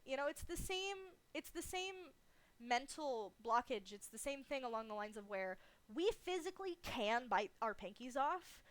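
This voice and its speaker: A woman's voice: high voice, big pitch swings, moderate pace, dry recording. A woman streamer talking casually and candidly in a livestream Q&A, swearing freely and laughing often.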